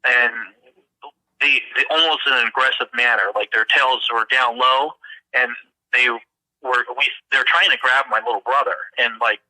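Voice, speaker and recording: A man earnestly telling of a strange encounter in casual first-person storytelling, halting and repeating words as he goes. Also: mid-range voice, bright, forceful tone, no echo, poor audio. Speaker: witness recounting an encounter.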